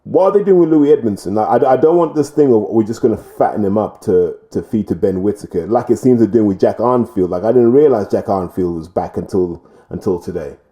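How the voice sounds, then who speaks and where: A man talks through his views in a casual commentary vlog, blunt and opinionated, wandering from point to point. His voice sits fairly low and sounds deeply dark and mellow. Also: a little fast, hardly any pauses. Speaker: boxing commentator.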